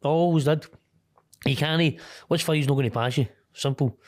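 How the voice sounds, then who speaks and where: A man's voice: a little high, normal speed, no room sound, clean studio sound. A middle-aged Scottish man talking candidly as an interview guest, blunt, swearing casually and laughing easily.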